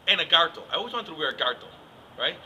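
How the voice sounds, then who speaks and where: A man's voice: a little high, expressive, racing, bright, forceful tone, slight background noise, rough recording. A young man, rambling through a casual comic rant with many "like"s and "I mean"s. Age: young adult. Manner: rambling, joking, full of "like" and "I mean". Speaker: yeshiva student comic.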